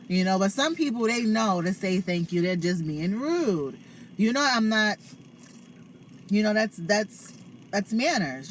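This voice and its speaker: A woman's voice: mid-range voice, slight background noise. A young woman from New York with a New York accent, chatting casually to viewers on a phone stream from her car. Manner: chatty, talks to viewers and family between stories. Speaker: live streamer. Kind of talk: casual chat. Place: inside a parked car.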